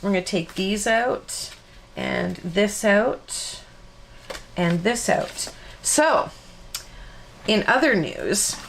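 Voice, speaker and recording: A woman's voice: medium pitch, animated, drawn-out words, gravelly, long pauses, a little hiss or hum. A woman hosting a live card-making tutorial, chatting casually and rambling with easy laughs. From Canada. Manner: rambling, self-interrupting, laughs easily.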